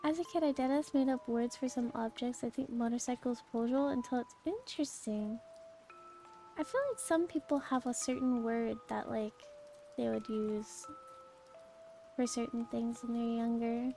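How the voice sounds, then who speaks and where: A young woman on a stream chatting in a loose, rambling way, breaking into giggles as she answers her chat. Her voice sits high but has a soft, mellow tone. Quiet music plays faintly underneath. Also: steady tone, moderate pace.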